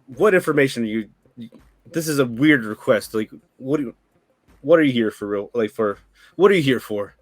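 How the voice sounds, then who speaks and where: A man voicing a nervous, bruised male brothel worker who talks in hesitant, halting bits. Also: mid-range voice, lively intonation, no room sound, natural voice. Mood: wary.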